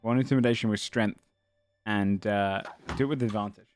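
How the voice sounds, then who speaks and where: Low-voiced man narrating as game master. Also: slight background noise. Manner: relaxed, halting narration with many "kinda"s.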